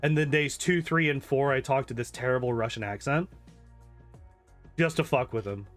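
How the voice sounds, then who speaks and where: A man's voice: medium pitch, moderate pace, a bit bright, faint music behind. A man chatting casually and rambling while playing a game, swearing freely and laughing often. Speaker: gaming streamer.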